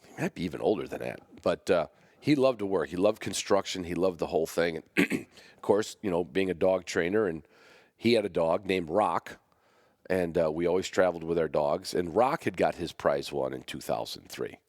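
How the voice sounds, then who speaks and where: A middle-aged man with a very low voice tells a casual story, rambling and correcting himself as he goes. He drops wry asides along the way. The sound is dry and close. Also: normal speed, a little mellow, dry recording. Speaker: podcast host.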